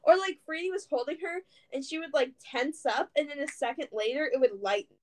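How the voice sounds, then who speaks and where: Young woman, high voice, casual podcast chatter, leans on "like" while telling stories. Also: a little fast. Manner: chatty storytelling with lots of "like". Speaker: podcast co-host. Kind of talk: casual chat.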